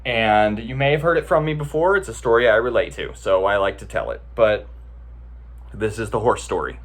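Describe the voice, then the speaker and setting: A man's voice: lowish voice, lively intonation, normal speed. A man giving a casual, conversational talk as a meditation teacher, often checking in with the listeners as he tells a story.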